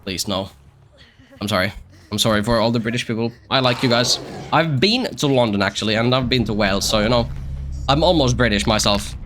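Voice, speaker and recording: Male streamer, bright and tense voice, easygoing rambling play-by-play with jokes. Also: medium pitch, a little fast. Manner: rambling, joking, talks to himself and other players. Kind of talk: casual live-stream gameplay commentary.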